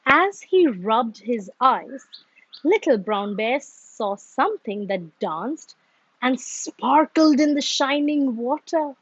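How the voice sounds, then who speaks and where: A woman reading a children's storybook aloud in a slow, expressive, sing-song way. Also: high voice, husky, no echo, lo-fi sound.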